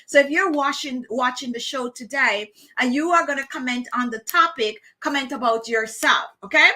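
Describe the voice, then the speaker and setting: A woman's voice: high voice, moderate pace, pushed and bright. A woman hosting a casual chat show for her viewers, talking directly to them in a chatty way and often repeating herself. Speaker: beauty channel host.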